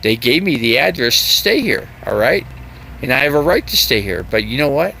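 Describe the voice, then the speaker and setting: A senior man with a gravelly, rough-edged voice rambles through a casual live-stream chat, circling back and repeating himself. His pitch sits in an ordinary middle range, and a faint vehicle hum runs underneath. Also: sing-song, moderate pace, pushed and bright. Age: older. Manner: rambling, chatty, repeats himself, heavy use of fillers. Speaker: RV vlogger. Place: living out of an RV.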